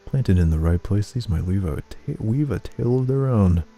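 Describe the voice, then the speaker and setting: Deep gravelly young man gaming. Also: expressive, normal speed, warm tone. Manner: crude, sardonic, reads game text aloud. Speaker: let's play gamer. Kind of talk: casual game commentary and reading.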